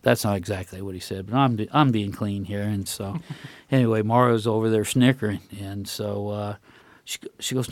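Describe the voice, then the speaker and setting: A man's voice: fairly low pitch, fairly even intonation, normal speed, a little mellow, dry recording. An older man, a guest on a casual talk show, telling racing anecdotes in a rambling way with chuckles. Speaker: guest, retired racing crew member. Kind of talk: casual storytelling.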